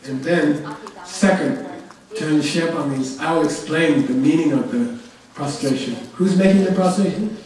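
A man teaching a class on a Buddhist text, explaining terms slowly and checking in with "okay?" again and again. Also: a little high, darkish tone. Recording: echoey hall, distant mic. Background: audience of students.

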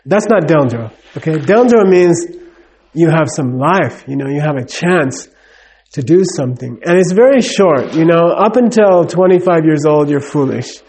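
A man's voice: fairly high pitch, lively intonation, normal speed, a little mellow, slight background noise. A middle-aged man giving a casual, rambling talk, full of fillers and "you know what I mean". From United States.

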